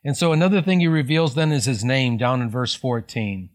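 A man's voice: mid-range voice, brisk. A middle-aged man preaching a sermon as a pastor, in a conversational way with many fillers and restarts.

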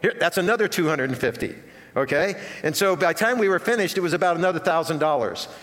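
A man's voice: fairly high pitch, expressive, quick pace, fairly bright tone. An older man preaching a sermon to his congregation, telling a folksy story with self-deprecating asides. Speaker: pastor. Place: church sanctuary. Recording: long reverb of a church hall.

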